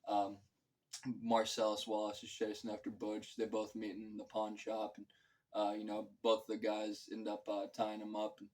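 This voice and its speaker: A man's voice: lowish voice, completely flat delivery, moderate pace, a little mellow, poor audio. A man giving a casual, rambling film review, full of fillers and loose, profane talk. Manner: filler-heavy, loose and profane, acts out quotes. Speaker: movie reviewer.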